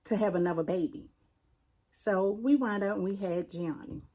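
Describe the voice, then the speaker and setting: Mellow-voiced D.C. woman recounting her loss. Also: medium pitch. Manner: plainspoken, halting, retelling a painful loss. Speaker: interview guest, firefighter. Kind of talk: personal storytelling in an interview.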